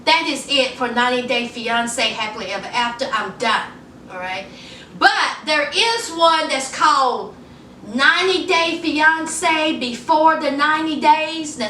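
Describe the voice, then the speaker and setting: A woman's voice: sharp tone, a little hiss or hum. A woman vlogger recapping a reality show in casual, sassy chat, calling her viewers y'all and honey. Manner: acts out quoted people in a higher voice. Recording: echoey room, mic at a distance.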